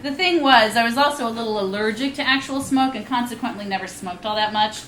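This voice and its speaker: A woman's voice: fairly high pitch, fast talker, background noise. A woman in her fifties giving a live reading of her memoir, wry and candid, with frank asides, at a reading venue. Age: 50s. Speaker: reading series host and author. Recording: echoey room.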